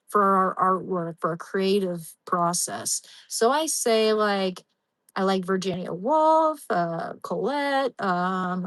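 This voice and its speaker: A woman's voice: mid-range voice, fairly bright tone, dry recording, rough recording. A young woman hosting a casual livestream, answering chat viewers by name and rambling with many restarts. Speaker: livestream host.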